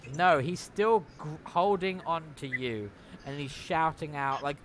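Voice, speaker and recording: A man's voice: a little high, unhurried, fairly bright tone, slight background noise. A man narrating as game master in a tabletop game, casual and swearing freely.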